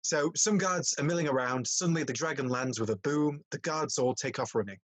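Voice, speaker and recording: A man's voice: a little high, a little fast, a bit bright, no room sound. A man co-hosting a podcast, reading stage directions in casual chat, hesitant and stumbling. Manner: hesitant, stumbling, laughs often.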